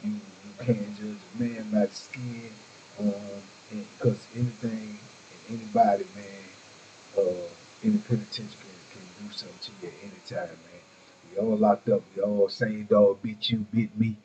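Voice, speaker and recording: On a muffled lo-fi recording with a little hiss or hum, a middle-aged man hosts a show of casual prison stories. He talks in easygoing street slang with rambling asides, his voice warm and on the low side.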